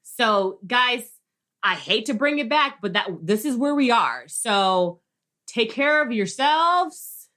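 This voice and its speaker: A woman co-hosting a casual podcast chat, telling a story with lots of energy and cursing as she goes. Her voice sits at a medium pitch. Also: a little slow. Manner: animated storyteller, swears freely. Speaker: podcast co-host.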